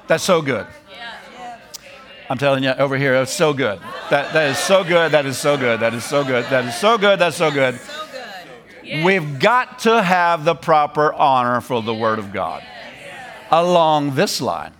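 A middle-aged man preaching a sermon, animated, repeating phrases and laughing as he drives points home. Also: medium pitch, unhurried, some chatter behind.

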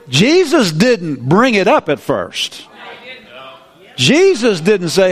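Male preacher, high lively voice, folksy sermon with chuckles. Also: slow pace, long pauses, a faint crowd. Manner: animated, folksy, laughing asides.

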